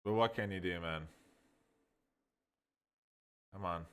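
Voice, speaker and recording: A man casually reviewing software while thinking aloud, rambling as he goes. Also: deep voice, fast, clear, resonant tone. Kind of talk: casual screen-recording review.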